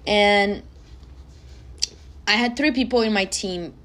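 A young woman talks straight to her listeners in a podcast monologue. Her voice sits at an ordinary middle pitch. She sounds earnest, heartfelt and personal. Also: takes it slowly, a bit bright. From Brazil. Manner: earnest and emotional, speaking directly to listeners. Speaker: podcast host.

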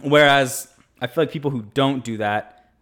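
A man's voice: mid-range voice, moderate pace, a bit bright. A young man hosting a casual podcast, talking loosely with lots of fillers. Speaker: podcast host.

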